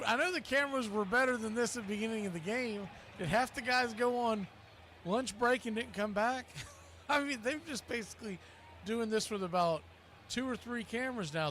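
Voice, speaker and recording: Slight background noise sits under this man's fairly bright voice as he calls a live baseball game. He's wry and chatty between pitches and keeps correcting himself.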